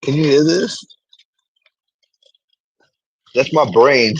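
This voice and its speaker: A man, chatting casually to a live stream audience in an animated, rambling way, swearing often. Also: mid-range voice, extremely slow, husky, dry recording, dull audio.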